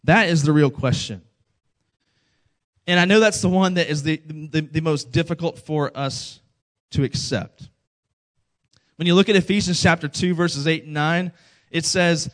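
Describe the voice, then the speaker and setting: A man's voice: a little high, a little slow, pauses often. A man in his thirties preaching a sermon to a congregation, conversational and telling stories with quoted dialogue. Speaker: pastor.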